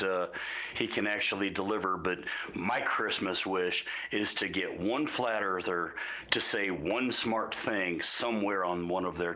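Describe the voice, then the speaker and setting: A man's voice: deep voice, sharp tone, low-quality recording. A man co-hosting a casual live chat, joking and upbeat. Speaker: co-host.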